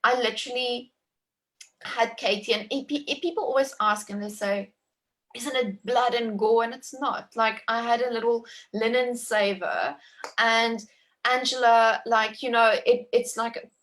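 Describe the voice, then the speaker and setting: A woman's voice: a little high, a little slow. Emotive woman telling her birth story. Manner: emotive, animated, full of "like" and restarts. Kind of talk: personal birth story in conversation.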